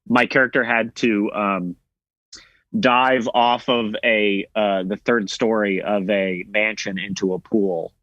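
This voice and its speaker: A man from Tennessee with a Southern accent, a guest actor talking in a wry, self-deprecating way with drawn-out pauses. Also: on the low side, steady tone, fairly bright tone, no echo, highs cut off. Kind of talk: casual video interview.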